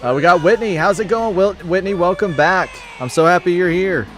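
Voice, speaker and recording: A man's voice: high voice, a little fast, fairly bright tone, faint music behind. A man hosting a casual livestream, chatting upbeat and friendly as he thanks viewers by name. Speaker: livestream host. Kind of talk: casual chat reading viewer comments.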